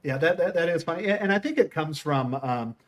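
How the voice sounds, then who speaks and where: Brisk and lively in intonation, this higher-pitched American host is a middle-aged man who rambles through stories during a relaxed chat. He keeps restarting his sentences and imitates the people he quotes.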